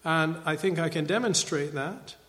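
A man's voice: a little high, normal speed, fairly bright tone, in a large hall. A man giving a conversational Bible teaching lecture, often checking in with a rhetorical "right?".

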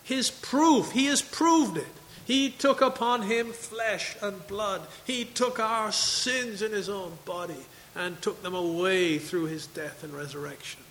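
A man's voice: high voice, unhurried, hardly any pauses, fairly bright tone, in a large hall, a little hiss or hum, poor audio. A man preaching a sermon to his congregation, reading scripture and asking questions. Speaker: pastor. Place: church sanctuary.

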